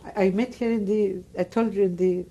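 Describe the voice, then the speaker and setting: Elderly Greek woman with mellow voice. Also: medium pitch, steady tone, fairly quick, muffled recording. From Greece. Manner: broken English, emphatic and repetitive storytelling. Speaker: Holocaust survivor interviewee. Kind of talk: oral history interview.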